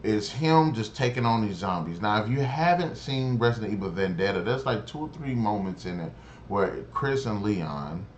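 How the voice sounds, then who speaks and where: A man with a somewhat low voice rants through a casual episode review. He swears constantly, restarts his sentences and sounds openly exasperated. A faint hiss of noise sits under his voice. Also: animated, normal speed. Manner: profane, exasperated and rambling. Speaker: show reviewer.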